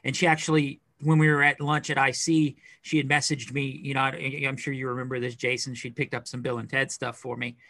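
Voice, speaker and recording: Bright-voiced man in casual podcast chat. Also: medium pitch, brisk, few pauses, dry recording. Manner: rambling and animated, many fillers. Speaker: podcast co-host.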